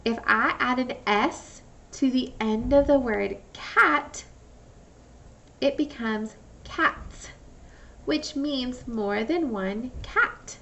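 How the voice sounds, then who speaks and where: A woman's voice: on the high side, gravelly, bright, forceful tone, recorded from a distance. A woman teacher giving a phonics lesson to young children, patiently sounding out words and asking questions. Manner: slow, patient, stretches out sounds and asks questions.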